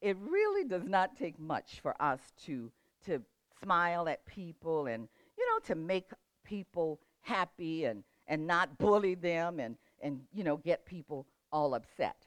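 Older lady telling a story and laughing, low voice that swoops up and down. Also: sing-song, unhurried, few pauses, no room sound. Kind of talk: casual storytelling and motivational talk.

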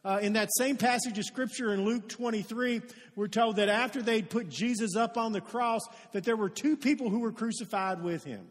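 Male pastor, high voice, earnest sermon in a church hall with long reverb. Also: normal speed. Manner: earnest storytelling, rising to emphatic peaks. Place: church sanctuary.

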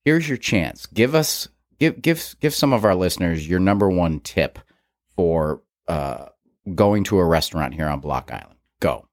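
A man's voice: low voice, expressive, unhurried, no echo, clean studio sound. A man co-hosting a podcast, asking playful, joking questions in casual chat. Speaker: podcast co-host.

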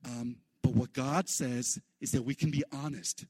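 A man preaching a sermon in an animated way, his voice leaping up high for the lines he quotes. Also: measured pace, slightly rough, no room sound. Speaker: pastor.

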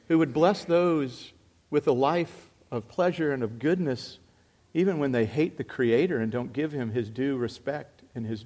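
A man preaching a sermon as a pastor, swinging between loud exclamation and hushed reflection. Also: medium pitch, husky.

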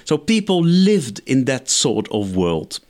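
A man's voice: mid-range voice, very animated, slow pace, a little mellow. A man, a scholar guest in an interview, giving methodical explanatory answers point by point. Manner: lecturing, methodical, enumerates points.

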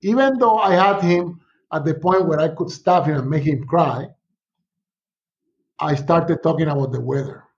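A middle-aged man, a sociology professor, telling stories in a casual conversation, animated and laughing often. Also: fairly high pitch, moderate pace, muffled recording. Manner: animated storyteller, laughs often, acts out quotes.

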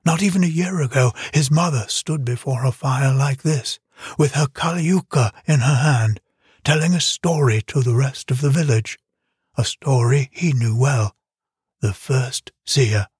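A man narrating an audiobook in a measured, even storytelling manner. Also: mid-range voice, slightly rough, dry recording, studio quality. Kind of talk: scripted narration.

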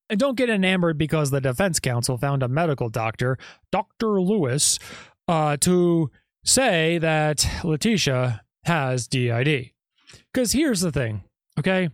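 A man's voice: on the high side, dry recording, studio quality. A man hosting a podcast, giving skeptical true-crime commentary full of rhetorical questions. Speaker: podcast host.

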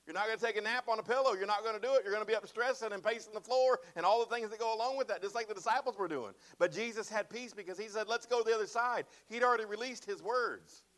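Male preacher, higher voice, emphatic sermon delivery, repeats lines and checks in with the congregation. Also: fast, few pauses, a bit bright. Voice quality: bald-headed preacher, self-described. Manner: emphatic, repeats phrases and asks "right?" and "amen?".

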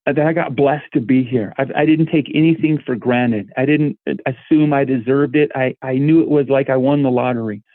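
A man's voice: mid-range voice, normal speed, hardly any pauses, no room sound. Middle-aged guy, earnest interview guest, tinny dry phone-line sound. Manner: earnest, restarts words often. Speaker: volunteer guest. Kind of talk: casual interview.

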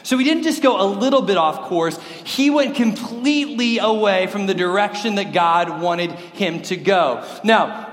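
A man with a high voice preaches a sermon, chatting and joking with the congregation. He is middle-aged, and the room around him is roomy, with a long ringing reverb like a church sanctuary. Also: a little slow, a bit bright. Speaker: pastor.

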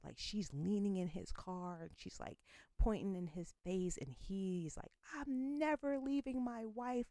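A woman in her forties tells her own story bluntly and swears freely, with a low, mellow voice. The sound is dry and close, with no room echo, and she talks in a frank, unfiltered way. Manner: blunt, profane, candid. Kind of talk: storytime vlog monologue.

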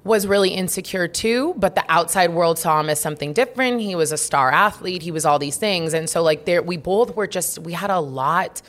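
A woman's voice: fairly low pitch, a little fast, hardly any pauses, fairly bright tone. A young woman in a candid interview, openly and emotionally reflecting on a hard past relationship. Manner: open, reflective, emotional storytelling. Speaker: guest.

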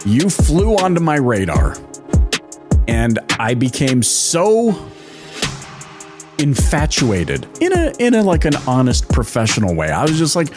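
A man's voice: medium pitch, wildly swooping pitch, measured pace, over music. A man from Canada with a Canadian accent, hosting a podcast interview, enthusiastic and restarting his questions. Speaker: podcast host. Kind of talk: casual interview.

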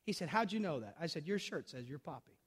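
A middle-aged man and pastor preaching a sermon, switching between loud, urgent emphasis and quiet storytelling, repeating phrases and speaking straight to his listeners. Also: on the high side, lively intonation, fast, husky. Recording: long reverb of a large hall.

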